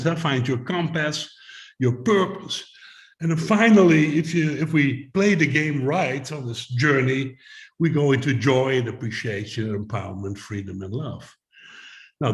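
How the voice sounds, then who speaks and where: A man speaks on a video call in an echoey room, coaching his listeners with plain pictures and questions. His voice sits at a middle pitch, and the room gives it a hollow ring. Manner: motivational, explains with simple images and questions. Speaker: summit speaker. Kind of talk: online talk to a video call.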